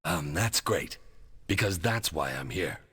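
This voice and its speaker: An actor playing a nonchalant video game hero with a laid-back, unimpressed manner. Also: male voice, deep voice, lively intonation, a little slow, fairly bright tone, slightly rough, dry recording, clean studio sound, heavily acted. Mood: offhand. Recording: noisy game audio.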